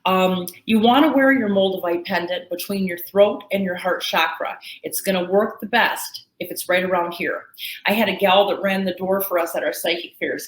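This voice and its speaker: Chatty woman host in an echoey room. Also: fairly low pitch. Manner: chatty, folksy, with restarts. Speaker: host selling crystals. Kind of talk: live sales show chat.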